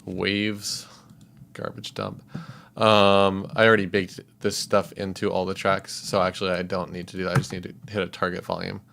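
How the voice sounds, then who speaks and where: A man's voice: sits low, level tone, normal speed, creaky, a bit bright. A man livestreaming as a composer, talking casually and rambling with many fillers and chuckles.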